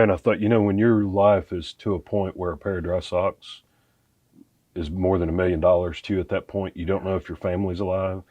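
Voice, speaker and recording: A man's voice: low voice, no room sound. A man who is a guest on a podcast tells a personal story in an earnest, plain-spoken way.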